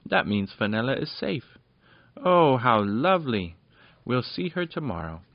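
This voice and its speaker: A man's voice: lowish voice, lively intonation, normal speed, no echo. A kindly, loyal peddler from a storybook, speaking with caring earnestness, as a man reads him aloud. The sound is muffled and dry. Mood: pleased. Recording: dull lo-fi dry recording.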